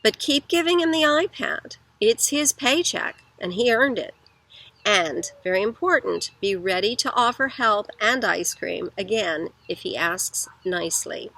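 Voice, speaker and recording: Bright, clear-toned middle-aged woman, conversational teaching talk for parents, counts off points, mid-pitched. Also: unhurried, rough recording. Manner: conversational, lists points one by one, acts out parents' lines. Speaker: educational psychologist giving parenting advice.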